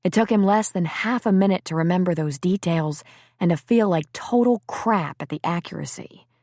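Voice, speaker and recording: A woman narrating an audiobook in an expressive, storytelling manner. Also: on the low side, no room sound, studio quality.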